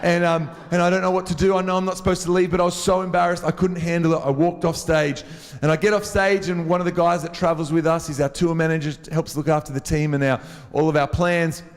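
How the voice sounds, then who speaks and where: A man with a somewhat high voice tells a comic, self-mocking story to a live crowd. His chatty delivery carries a long reverb from a large hall, picked up on a stage microphone. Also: flat delivery, fast. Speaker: worship leader. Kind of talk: humorous storytelling talk to a live audience. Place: large venue with an audience.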